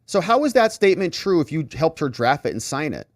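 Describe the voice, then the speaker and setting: A man, a lawyer, giving trial recap commentary in an animated, incredulous way. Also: a little high, fairly quick, no echo, studio quality. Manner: animated and incredulous, retelling courtroom testimony.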